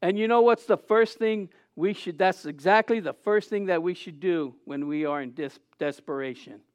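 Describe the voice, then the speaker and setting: Earnest, high-voiced preacher man. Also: smooth, dry recording. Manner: earnest, halting restarts, rises to loud cries. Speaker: pastor. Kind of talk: sermon.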